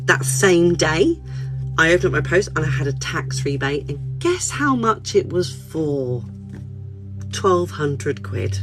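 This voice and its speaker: Brief: woman counsellor on a phone livestream, lively casual talker, soft music faint behind. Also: deep voice, takes it slowly, poor audio. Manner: animated, chatty, swears casually. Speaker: spiritual counsellor. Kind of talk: casual livestream chat and storytelling. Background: soft background music.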